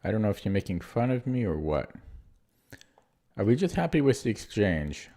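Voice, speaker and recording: A man streaming chess, thinking aloud in a low-key, muttering way as he works through puzzles and questions his own moves. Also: sing-song, normal speed, warm tone. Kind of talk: casual thinking aloud while solving puzzles.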